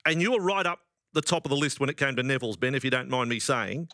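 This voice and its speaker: Bright-voiced Australian sports host. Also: male voice, mid-range voice, animated, quick pace, no room sound, clean studio sound. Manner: chatty, admiring, jokey. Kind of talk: TV sports interview.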